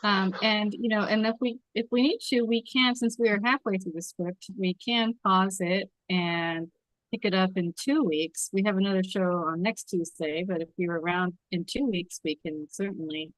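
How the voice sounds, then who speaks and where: A woman's voice: medium pitch, steady tone, normal speed, no room sound, rough recording. A woman leading a casual video call, organizing the group and reassuring everyone in a talkative way. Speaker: table read organizer.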